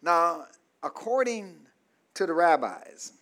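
A man a sermon, calling for amens and swinging between shouted peaks and soft low asides. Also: very animated, slow. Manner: call-and-response preaching, asks congregation for amens. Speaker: preacher.

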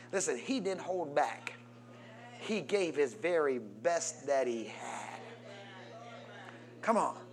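A man preaching a sermon as pastor, calling out to the congregation for answers and swinging between loud peaks and soft low passages. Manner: call-and-response preaching, prompting the congregation.

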